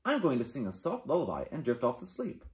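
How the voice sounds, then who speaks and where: A man voicing a calm raccoon getting ready for sleep, soft-spoken. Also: medium pitch, fast talker. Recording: echoey room.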